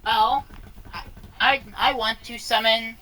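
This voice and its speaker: A man putting on a high, hesitant voice for a player in a tabletop role-playing game. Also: steady tone, slow pace, bright, forceful tone, exaggerated voice, rough recording.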